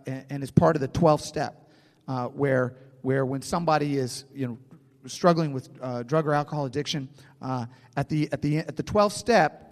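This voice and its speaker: A pastor with a fairly high voice preaches a sermon conversationally, often restarting phrases and checking in with his listeners. The recording has a big-room sound.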